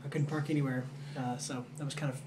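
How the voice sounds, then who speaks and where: A man's voice: medium pitch, level tone, fast talker, background noise. A man, a father, adding plain, matter-of-fact details to a family story from away from the mic.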